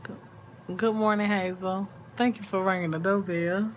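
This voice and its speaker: A woman's voice: medium pitch, fairly even intonation, moderate pace, noisy background. A woman, sleepy and chatty, talking casually to viewers in a late-night live chat. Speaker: vlog host.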